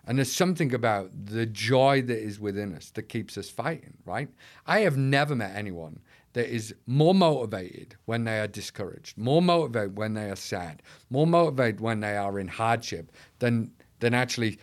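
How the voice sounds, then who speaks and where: A man's voice: on the low side, lively intonation, normal speed. A man talking as an interview guest in a passionate, rhetorical way, often leaning on quotes to rally listeners. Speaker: guest, leader of an anti-trafficking charity. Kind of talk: conversational interview.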